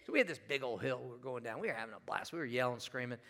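A man's voice: mid-range voice, lively intonation, racing, a bit bright. A middle-aged man preaching a sermon in church, telling a funny story and putting questions to the congregation. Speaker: pastor. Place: church sanctuary.

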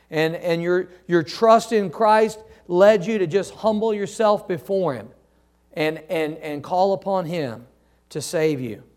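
Male pastor, high voice, sermon delivery with call-and-response and quiet, slowed emphasis. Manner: preaching with call-and-response questions to the congregation; reads scripture aloud, drops to soft, slow phrases for emphasis.

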